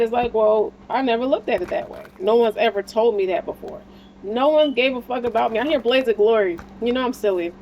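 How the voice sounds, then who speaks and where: A woman's voice: a little high, darkish tone, slight background noise, rough recording. A woman giving a casual spiritual tarot reading, talking in a blunt, slangy and encouraging way and swearing freely. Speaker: tarot card reader.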